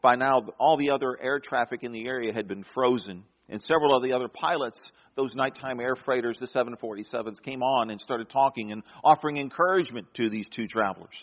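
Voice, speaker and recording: A man preaching a sermon in a mid-range voice, with a dramatic delivery that rises to loud emphasis and drops to near-hushed tones. The recording sounds a little dull and muffled. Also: medium pitch, a little fast, hardly any pauses.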